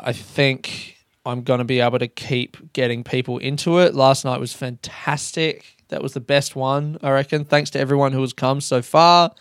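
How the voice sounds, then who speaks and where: A man's voice: medium pitch, clean tone, no room sound, clean studio sound. A young Australian man, a stand-up comedian, hosting a solo podcast monologue and swearing constantly in loose, rambling bursts.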